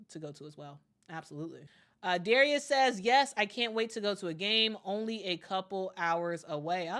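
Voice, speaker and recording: A woman's voice: mid-range voice, fairly bright tone. A young woman hosting a casual sports livestream, chatting with many fillers and repeats and reading viewer comments aloud. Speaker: sports channel host.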